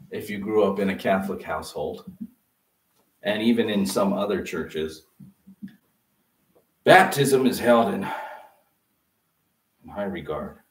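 A male pastor preaching a sermon, often pausing to let the congregation fill in a word. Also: fairly low pitch. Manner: interactive preaching, prompting the congregation to fill in words. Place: church. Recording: roomy sound from a distant mic.

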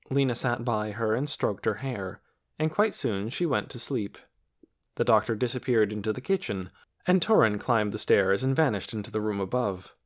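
A man narrating an audiobook chapter in an expressive storytelling manner. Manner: expressive storytelling with lively pitch. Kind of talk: scripted narration.

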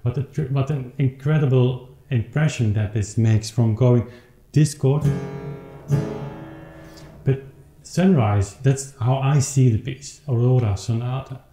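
A man who speaks as an explains his recording in thoughtful, halting speech, playing his clavichord between remarks. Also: mid-range voice, mellow, soft background music. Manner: thoughtful, halting, with many restarts while counting beats and playing. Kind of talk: informal spoken commentary on a piece. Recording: roomy home recording with instrument.

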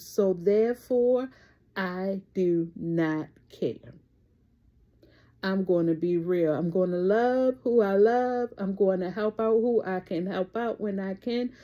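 A woman in her thirties, a vlogger giving her viewers an emphatic motivational talk and slowly stretching out the words she stresses. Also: mid-range voice, mellow. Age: 30s. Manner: talks straight to her viewers. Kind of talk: casual motivational vlog talk.

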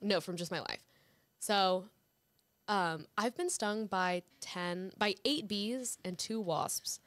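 A woman's voice: medium pitch, fairly bright tone, no echo. A woman of twenty-one, a guest actress, chatting and teasing playfully on a podcast. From Houston, Texas. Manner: playful, teasing, quick to joke. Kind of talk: casual podcast chat. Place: host's apartment.

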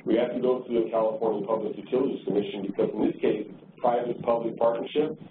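A man's voice: on the low side, little pitch movement, fast. A man giving a conference presentation in a loose, conversational way, often repeating words as he thinks. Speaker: transportation agency director giving a talk. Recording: distant, tinny and roomy with noise.

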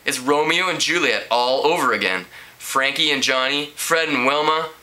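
A man's voice: mid-range voice, moderate pace, bright, forceful tone, pitched above the performer's own voice, low-quality recording. A man reading out a heartbroken teenage girl who complains melodramatically. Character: dramatic heartbroken teen girl.

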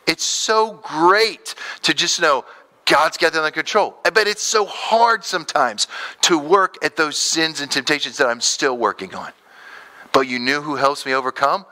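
A man in his thirties preaching a sermon as pastor, animated, acting out quoted voices. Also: a little high.

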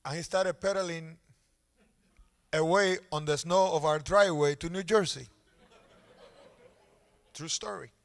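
A middle-aged male pastor telling a story in a sermon with animated, dramatic delivery. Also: fairly high pitch, a little slow, creaky, pauses often.

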